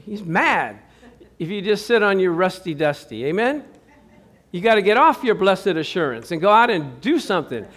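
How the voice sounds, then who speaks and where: A middle-aged male pastor delivers a lively sermon in a church. His voice sits high for a man. He keeps it conversational and jokey, slipping into playful voices for the people he quotes.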